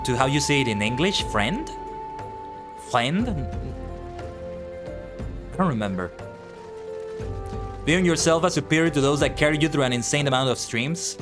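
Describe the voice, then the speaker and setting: A man streaming live, chatting casually with his viewers and reading their messages aloud as he answers them. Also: mid-range voice. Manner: animated, reads and answers chat aloud.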